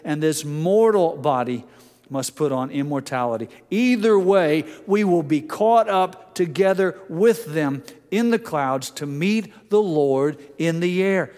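An older man preaching a sermon, telling stories gently and dropping soft and low for quotes. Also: animated, a little slow, long reverb tail. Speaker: pastor.

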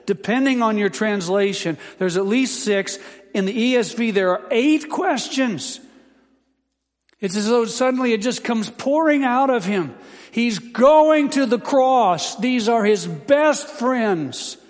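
A man preaching a sermon as pastor, building from calm teaching to emphatic, impassioned peaks. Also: very high voice, slow pace, long reverb tail.

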